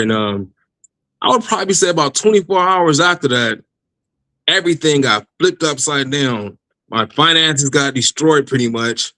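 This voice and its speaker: A man telling his personal faith testimony in a casual interview, animated, laughing often and restarting his sentences. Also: mid-range voice, normal speed, no room sound, poor audio. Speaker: guest giving testimony.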